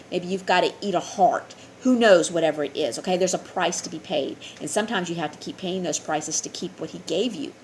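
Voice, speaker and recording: A woman's voice: fairly low pitch, a little hiss or hum. A woman teaching a spiritual class, talking earnestly and often checking in with her listeners. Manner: earnest, keeps asking "okay?". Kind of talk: informal spiritual lesson.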